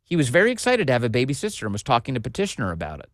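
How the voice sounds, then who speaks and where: A man running a casual political commentary show, reading out documents and reacting to them with mockery and disbelief. His voice sits at a middling pitch for a man. The recording is dry and close, with no room sound. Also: wildly swooping pitch, racing, no room sound. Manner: mocking, incredulous, reads documents aloud and riffs on them.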